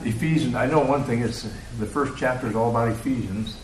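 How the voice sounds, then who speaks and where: A man leads a counseling class in a roomy classroom, with a little noise in the background. His pitch sits in the middle. He puts questions to the class and acts out the answers people give. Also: a little fast. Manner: asks the class questions, acts out quoted replies. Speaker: counseling instructor. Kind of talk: classroom teaching.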